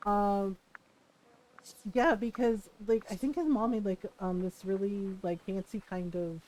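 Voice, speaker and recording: A woman's voice: mid-range voice, steady tone, unhurried, darkish tone. A woman livestreaming a game, telling a story casually and animatedly, laughing often and acting out what people said.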